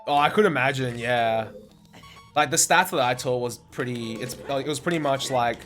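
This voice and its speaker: A man's voice: mid-range voice, moderate pace, fairly bright tone, soft background music. A young man, chatting casually and swearing often while playing a game on a live stream. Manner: swears often, rambling anecdotes with fillers.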